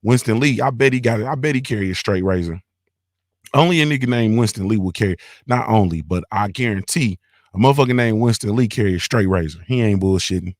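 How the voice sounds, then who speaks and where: Slangy low-voiced man ranting on stream. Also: fast, no room sound, clean studio sound. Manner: loose, repetitive, slangy rant with "you feel me". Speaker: morning show host. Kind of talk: casual streaming commentary.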